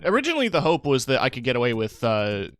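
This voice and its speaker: Over soft background music, a young man with a mid-range voice talks fast while streaming live. His chat with viewers is casual and wandering, full of fillers, and he sounds tired, yawning as he goes.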